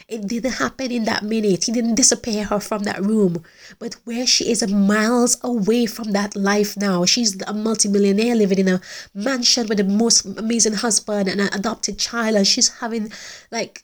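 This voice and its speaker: A middle-aged woman hosting a podcast, talking in an earnest, heartfelt way with many restarts. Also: medium pitch. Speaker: podcast host. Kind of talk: casual faith-based podcast talk.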